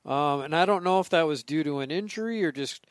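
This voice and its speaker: A man's voice: on the high side, brisk, dry recording, clean studio sound. A man co-hosting a podcast in casual chat, agreeable and backing up his partner. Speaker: podcast co-host. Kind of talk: casual fantasy baseball chat.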